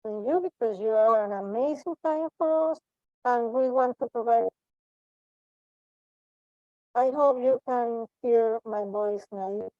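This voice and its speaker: A man using a voice changer to play a polite female bank caller with a slow, sweet-talking pitch. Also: warm tone, no room sound, dull audio. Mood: coaxing. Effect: voice changer making him sound female.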